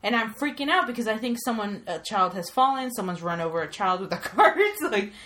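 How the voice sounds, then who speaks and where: A woman's voice: mid-range voice, sing-song, fairly quick, fairly bright tone. A woman co-hosting a casual podcast, telling stories with swearing and mimicking shrieking kids. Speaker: podcast co-host.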